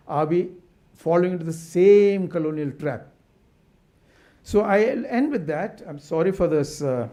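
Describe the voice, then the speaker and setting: A man's voice: a little high, mellow. An older man from India giving a symposium keynote, asking rhetorical questions with passion and frequent restarts. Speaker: keynote speaker.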